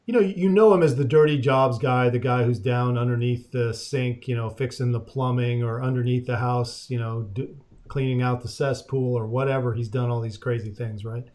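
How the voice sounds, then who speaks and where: A man's voice: medium pitch, fairly even intonation, moderate pace, a little mellow. Man, podcast host, casual chat, rambling, chatty. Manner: rambling, chatty, many fillers.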